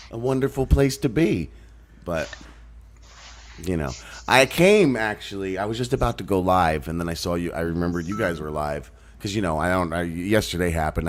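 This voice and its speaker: Rambling, jokey man in a casual chat. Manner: rambling, jokey, breaks into high mocking voices. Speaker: guest dropping in.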